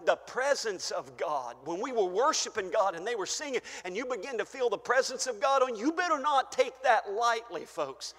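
Older man, pastor, fervent sermon, high-pitched, bright, long hall echo. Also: sing-song, moderate pace, few pauses. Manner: shouting, exclaiming hallelujah, swinging between loud and soft. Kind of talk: pentecostal sermon. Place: church. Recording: church hall reverb.

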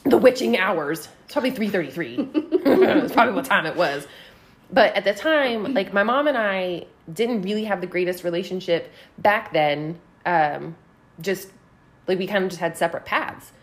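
A woman's voice: mid-range voice, normal speed. A woman telling a personal story on a casual podcast, swearing freely and filling her talk with "like". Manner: profane, animated, heavy use of "like".

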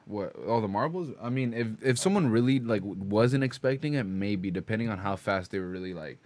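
A young man co-hosting a podcast in casual chat, laid-back, with quick reactions and easy swearing. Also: fairly low pitch, expressive, a little mellow, no room sound. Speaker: podcast co-host.

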